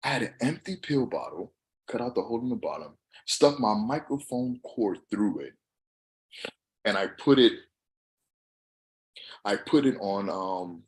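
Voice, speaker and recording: A young adult man giving a motivational monologue, passionate and swinging from shouts to soft asides. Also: low-pitched. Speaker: motivational speaker.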